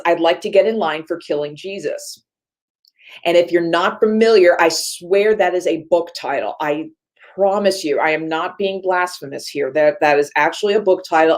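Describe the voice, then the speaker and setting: Chatty woman librarian telling a story. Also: fairly low pitch. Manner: lively storytelling, acts out quoted voices; chatty, self-correcting asides. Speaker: reference librarian. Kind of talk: panel talk presentation.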